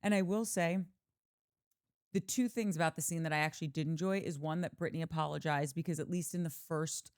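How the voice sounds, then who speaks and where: A woman's voice: deep voice, fairly even intonation, a little mellow, dry recording, clean studio sound. A woman co-hosting a podcast, recapping a reality show scene with wry, giggly asides. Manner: wry, giggly, quick to laugh. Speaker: podcast co-host. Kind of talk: casual reality-TV recap chat.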